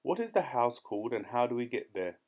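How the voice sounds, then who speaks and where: A man's voice: medium pitch, sing-song, a little fast, darkish tone, close to an everyday voice. A man voicing a polite female giraffe.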